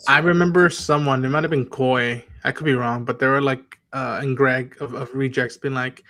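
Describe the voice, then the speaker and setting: A man's voice: mid-range voice, steady tone, normal speed, hardly any pauses, bright, forceful tone. A man on a casual podcast who rambles and hedges, often losing the word he is looking for. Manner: rambling, hedging, loses his words.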